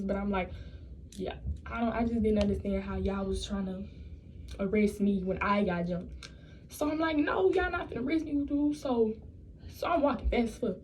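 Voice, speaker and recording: A woman's voice: mid-range voice, a little mellow, slight background noise, low-quality recording. A young woman telling a personal story in a casual storytime vlog, blunt and profane, rambling and restarting her sentences. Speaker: vlogger.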